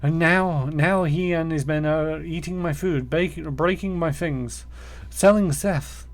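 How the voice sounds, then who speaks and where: A man's voice: a little high, slow pace. A man voicing a frightened, beaten captive who pleads nervously for help, read aloud from a game.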